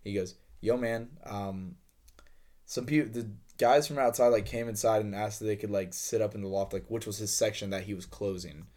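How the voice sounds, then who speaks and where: A man's voice: lowish voice, steady tone, moderate pace, a little mellow. Rambling, profane young man telling a story. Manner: rambling, profane, many fillers, acts out dialogue. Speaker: podcast co-host. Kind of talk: casual storytelling.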